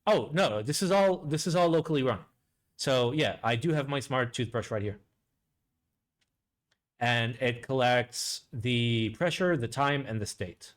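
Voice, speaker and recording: A man's voice: medium pitch, lively intonation, unhurried. Rambling, sweary male streamer. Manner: rambling, sweary, lots of "like" fillers. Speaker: live stream host. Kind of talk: casual profane live-stream reaction chat.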